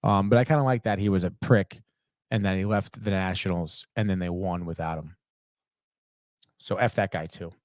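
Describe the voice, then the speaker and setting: A man's voice: low voice, steady tone, moderate pace, a little mellow, no room sound, clean studio sound. Profane, rambling young man hosting sports. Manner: profane, rambling, heated, says "dude" often. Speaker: sports podcast host. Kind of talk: casual live sports chat.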